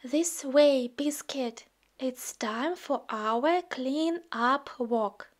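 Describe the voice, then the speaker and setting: A woman reading a children's picture book aloud into a phone, slow and gentle, with some words hushed. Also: high-pitched. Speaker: storybook reader.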